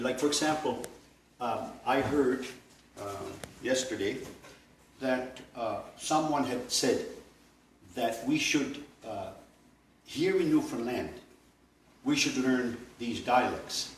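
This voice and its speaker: Older man from Nova Scotia, rambling workshop lecturer, mid pitch, roomy distant sound. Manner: digressive and anecdotal, with frequent fillers and chuckles. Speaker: language workshop instructor. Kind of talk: informal classroom lecture. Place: workshop room indoors. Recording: echoey room, distant mic, faint noise.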